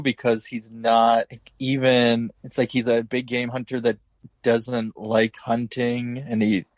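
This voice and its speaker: Male podcast regular, mid pitch, offhand delivery, dry lo-fi sound. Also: dry recording. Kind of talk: casual podcast chat about a film. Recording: dry, dull lo-fi audio.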